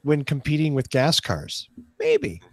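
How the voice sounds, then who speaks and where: A man's voice: a little high, wildly swooping pitch, measured pace, dry recording. A man co-hosting a podcast, chatting casually and joking, with hesitant restarts. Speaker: podcast co-host. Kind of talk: casual chat.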